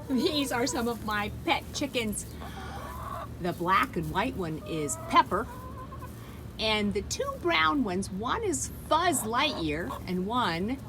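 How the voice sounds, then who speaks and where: A woman teaching a science lesson to young children, talking in a slow, sing-song teacher voice full of exaggerated enthusiasm. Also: fairly high pitch, noisy background. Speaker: kindergarten teacher. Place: school campus, partly outdoors.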